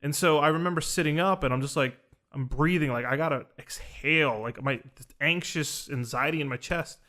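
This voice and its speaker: A man's voice: a little high, fairly quick, sharp tone. A young man casually telling a personal story on a podcast, earnest and rambling, full of fillers and restarts. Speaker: podcast host recounting a ceremony.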